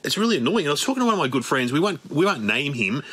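A man's voice: on the high side, big pitch swings, rapid-fire, a bit bright, breathy edge. A middle-aged Australian man doing dry, self-mocking stand-up comedy to camera.

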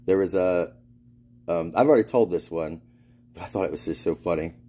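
A man from Florida talks in a loose, meandering monologue, drifting between restarts and trailing thoughts. His voice sits low with a mellow, soft-edged tone. He swears freely and laughs through his own stories. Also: moderate pace, slight background noise. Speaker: spiritual vlogger. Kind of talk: rambling monologue.

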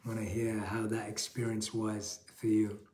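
Gentle man guiding a meditation, roomy echo. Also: on the low side, completely flat delivery, normal speed. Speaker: meditation guide and live stream host. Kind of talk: guided meditation and live chat.

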